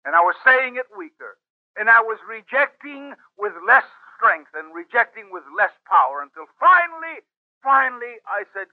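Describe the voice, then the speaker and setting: High-voiced male preacher, impassioned pleading testimony, dull lo-fi dry tape. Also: sing-song, moderate pace, no room sound. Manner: emotional, pleading, acts out his own past prayers. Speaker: preacher giving a personal testimony. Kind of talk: dramatic spoken testimony.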